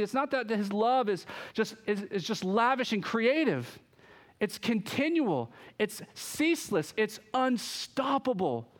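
A man with a high, light voice delivers a sermon in an animated storytelling way. He swings between hushed, drawn-out phrases and quick, excited bursts as he acts out the voices in his story. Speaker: pastor.

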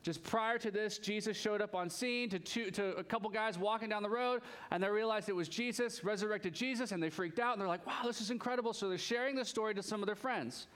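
A male pastor with a high-pitched voice delivers a relaxed, conversational sermon. He sounds chatty and animated and jokes easily with his congregation. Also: a little fast, few pauses, clean tone.

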